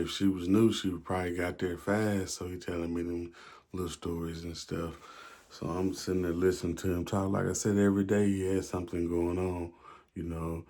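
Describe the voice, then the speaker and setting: A man's voice: low-pitched, gravelly, darkish tone. A man telling a prison story in casual, slangy, profane talk, with many fillers. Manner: slangy, profane, keeps saying "you know what I'm saying".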